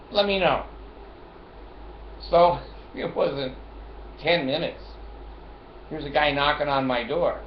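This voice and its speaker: A man's voice: medium pitch, echoey room, highs cut off, a little hiss or hum. An older man telling a long, rambling story from home, brash and profane, with chuckles along the way. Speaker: vlogger. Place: home, sitting on a couch.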